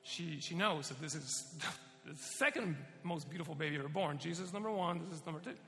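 Bright-voiced male preacher in echoey hall. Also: a little high, a little fast, faint music behind. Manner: animated storyteller, laughs often. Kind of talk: sermon with personal stories.

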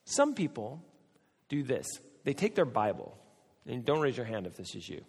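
A pastor preaches a humorous sermon in a church hall, conversational and joking, acting out the voices he quotes. His mid-range voice is very animated, darkish and slightly rough at normal speed, and the hall adds long reverb.

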